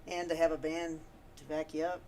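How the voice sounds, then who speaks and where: Gravelly woman guest, low-key. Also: flat delivery, a little fast, dark tone, slight background noise, rough recording. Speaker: guest musician. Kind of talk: casual chat.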